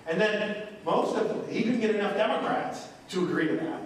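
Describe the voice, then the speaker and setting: Recorded from far off in an echoey courthouse meeting room, with a little hiss or hum, a man speaks at a town hall as a congressman. His voice sits high and he's brisk and expressive, landing folksy jokes with punch.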